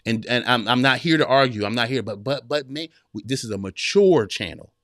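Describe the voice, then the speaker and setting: A man's voice: medium pitch, a little fast, a bit bright, no echo, studio quality. A man in his forties hosting an advice podcast, talking straight to listeners with emphatic repeated phrases. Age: 40s. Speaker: podcast host giving relationship advice. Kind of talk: casual counseling talk to listeners.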